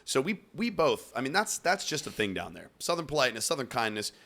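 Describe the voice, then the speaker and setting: A young man from Virginia co-hosts a casual podcast chat in a bright, forward voice. He rambles loosely, full of fillers and easy laughter. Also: medium pitch, big pitch swings, fast talker. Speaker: podcast co-host.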